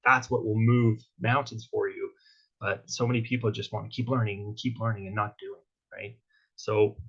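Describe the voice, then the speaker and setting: A man's voice: mid-range voice, vocal fry, a bit bright. Man, guest speaker, motivational workshop talk, conversational, keeps asking "right?", dull muffled recording. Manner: casual, conversational, frequent "right?" and "okay?" tag questions. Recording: dull lo-fi sound.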